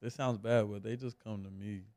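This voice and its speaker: A man's voice: on the low side, steady tone, normal speed, warm tone, dry recording, studio quality. A young man as a podcast guest in casual chat, laid-back and slangy. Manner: laid-back, slangy, self-describes as goofy.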